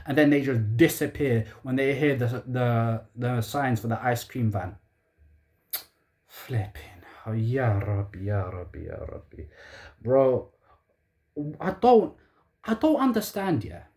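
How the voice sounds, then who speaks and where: A man's voice: high voice, a little mellow. A young man ranting sarcastically as a football fan channel host, firing rhetorical questions in heavy slang.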